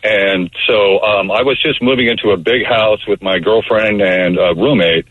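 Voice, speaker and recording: A man with a low, husky voice rambles through a story as a guest on a talk radio show. His delivery is loose and anecdotal, full of fillers and restarts. The sound is dry and a little dull, as if the sound were cut off at the top. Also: normal speed. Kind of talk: casual radio chat.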